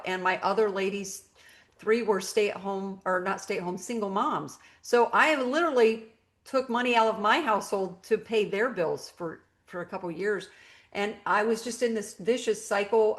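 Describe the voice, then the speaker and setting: A middle-aged woman telling her own business story with lively, animated storytelling. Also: mid-range voice. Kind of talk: personal testimony talk.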